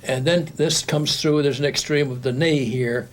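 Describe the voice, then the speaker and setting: A man's voice: on the high side, fairly even intonation, moderate pace. An older man teaching animation in a recorded home-video lesson, explaining step by step while he draws, with frequent restarts. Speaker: animation instructor. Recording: faint background noise, old home video.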